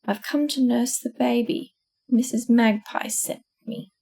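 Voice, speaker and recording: A woman's voice: a little high, steady tone, a little slow, gravelly, slightly rough, heavily acted. A woman voicing a sly female snake who speaks shyly and coaxingly in a storybook. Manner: soft and shy, coaxing.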